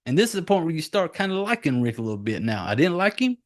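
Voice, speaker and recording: A man's voice: on the high side, sing-song, fast. A man in his forties, a podcast host, giving a rambling, profane casual recap of a movie.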